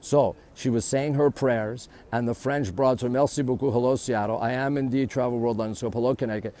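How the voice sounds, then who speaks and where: A man's voice: medium pitch, fairly even intonation, fairly quick, mellow. A man giving a walking live-stream tour outdoors at a historic castle, talking into a handheld phone and breaking off his facts again and again to greet viewers. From Canada. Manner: chatty, greets viewers constantly between facts. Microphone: phone held while walking.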